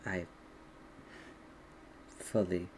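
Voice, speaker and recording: A game master voicing a shy male dragon in human form, speaking softly and hesitantly as he confesses his love. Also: low voice, fairly even intonation, a little hiss or hum, pitched below the performer's own voice. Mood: tender. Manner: soft, hesitant, halting confession. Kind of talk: in-character tabletop role-play.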